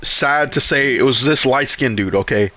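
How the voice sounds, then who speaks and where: A male streamer telling a story in casual talk. He is animated and rambling, swears a lot, and restarts his sentences. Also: medium pitch, moderate pace, no echo.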